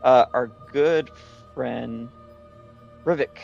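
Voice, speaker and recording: A man's voice: mid-range voice, drawn-out words, gravelly, darkish tone, lo-fi sound, soft background music. A man casually recapping the last session of a tabletop game, rambling with many fillers and restarts.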